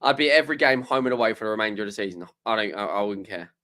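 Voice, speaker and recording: A man's voice: on the low side, animated, very fast, bright, forceful tone. A man co-hosting a football fan stream, chatting eagerly about transfer news in a casual way. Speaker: co-host. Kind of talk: casual live-stream chat.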